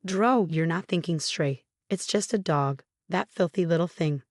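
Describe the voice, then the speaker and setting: A woman's voice: on the low side, a little slow, no room sound, clean studio sound, close to an everyday voice. A woman voicing a domineering, manipulative older mother-in-law who complains indignantly.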